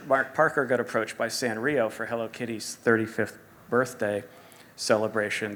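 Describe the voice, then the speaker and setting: A middle-aged man, a sneaker designer as guest, telling animated stories at a live store interview and acting out quotes. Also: lowish voice, slight background noise. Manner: animated storyteller, acts out quotes, laughs often. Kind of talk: live stage interview storytelling.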